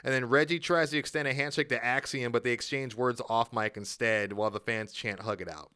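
Bright, crisp-voiced man recapping casually. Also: medium pitch, fairly even intonation, a little fast, dry recording, studio quality. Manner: rambling recap with many fillers and restarts. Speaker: podcast co-host. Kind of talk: casual wrestling recap chat.

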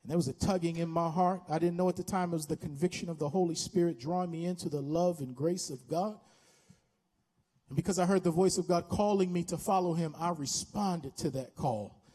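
Brisk and warm-toned, a fairly high-pitched male voice belongs to an American pastor in his fifties pressing an altar call from the sanctuary. His impassioned sermon circles back on the same appeals repeatedly.

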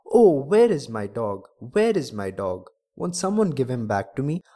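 A man's voice: mid-range voice, sing-song, normal speed, darkish tone, husky. A man voicing a harsh, greedy old blind beggar who snaps and cries out. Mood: desperate. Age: older. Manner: snapping, complaining, cries out.

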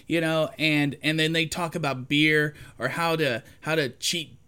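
A man's voice: on the high side, fairly even intonation, moderate pace, hardly any pauses, sharp tone, smooth. A man in his forties co-hosting a casual chat, rambling through a story with plenty of fillers and restarts. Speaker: podcast co-host.

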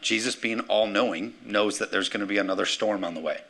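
A man preaching a sermon as pastor, energetic, calling for amens and acting out the words of scripture figures. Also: on the low side, a little fast. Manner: energetic, calls for amens, acts out quotes.

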